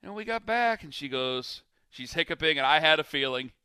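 A married man co-hosts a casual podcast and rambles through a story, acting out quotes along the way. His voice is very bright and a little high. The sound is dry and close, with no room in it. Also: expressive, brisk, clear, resonant tone, no echo. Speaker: podcast co-host. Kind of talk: casual banter.

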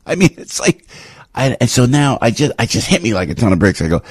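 A man hosting a talk radio show, delivering a rambling, impassioned opinion monologue full of restarts and sudden jumps in pitch. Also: big pitch swings, fast, husky, no room sound.

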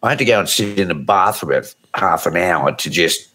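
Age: adult. Sex: man. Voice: low, lively. Style: bawdy storytelling. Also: fairly quick, husky. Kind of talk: casual chat, crude anecdotes.

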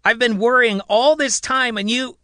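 A man's voice: extremely high pitch, normal speed, sharp tone, no room sound, studio quality, voice pushed up. A man voicing a nervous, flustered female doctor who stammers and hesitates. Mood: exasperated.

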